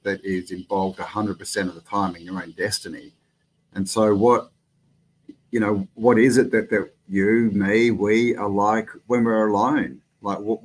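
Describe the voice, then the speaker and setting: A man with an Australian accent chats casually on a live stream. His voice sits fairly low, and he talks in a loose, rambling way. He greets his viewers warmly and mates them along as he goes. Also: poor audio.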